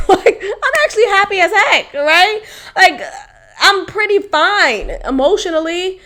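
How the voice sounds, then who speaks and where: Young woman, high bright voice, casual solo podcast host, candid, swears a lot. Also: moderate pace. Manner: candid and animated, swears freely, laughs while telling.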